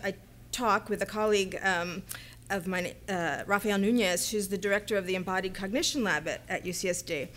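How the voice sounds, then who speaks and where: A woman art professor giving a conference talk in a lecture hall, speaking quickly and hesitantly with many filler words. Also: mid-range voice, fairly bright tone.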